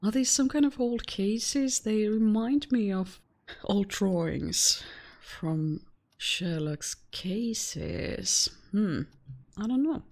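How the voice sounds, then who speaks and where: Slow, musing woman commenting on gameplay. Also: medium pitch, vocal fry, darkish tone. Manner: slow, musing commentary, reads text aloud. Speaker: let's play host.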